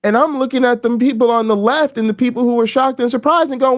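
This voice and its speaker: A man hosting a casual podcast chat, ranting in a profane, animated way. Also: very high-pitched, fast, hardly any pauses.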